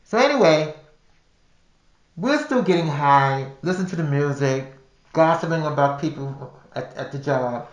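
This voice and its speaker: A man's voice: on the high side, animated, a little slow. An older man telling a personal story casually, rambling with restarts and repeated words. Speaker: podcast storyteller. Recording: roomy echo.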